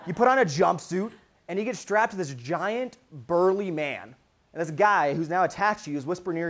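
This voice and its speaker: A young man with a high voice gives a lively keynote talk to students. He tells his stories with energy and acts out the reactions as he goes. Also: quick pace. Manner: animated storytelling, acting out reactions. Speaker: motivational speaker. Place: event with a live audience.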